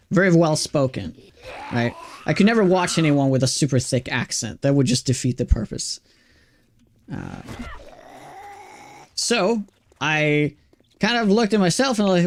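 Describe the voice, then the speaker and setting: A man live-streaming a video game, chatting casually with viewers, greeting and thanking them between quick reactions to the game. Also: on the high side, expressive, slight background noise. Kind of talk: casual live-stream chat while gaming.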